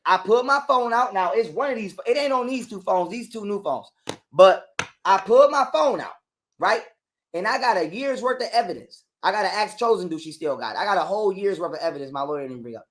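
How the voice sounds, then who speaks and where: A man telling a long story in a casual interview, animated and full of cursing and repetition. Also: high voice, fairly quick. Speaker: guest telling his story.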